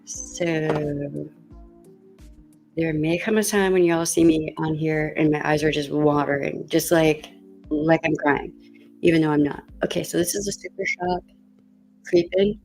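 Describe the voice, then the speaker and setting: A woman's voice: low-pitched, fairly even intonation, measured pace, vocal fry, long pauses, darkish tone, faint music behind. A woman vlogger chatting casually while doing her makeup, thinking aloud with fillers and coughing now and then as she gets over a cold. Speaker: beauty vlogger.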